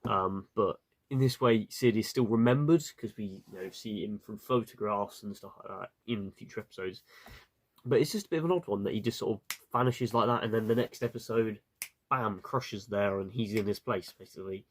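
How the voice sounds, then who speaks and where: A man's voice: on the low side, a little fast, slight background noise. A man giving a casual, rambling spoken review, full of fillers and restarts. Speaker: video reviewer.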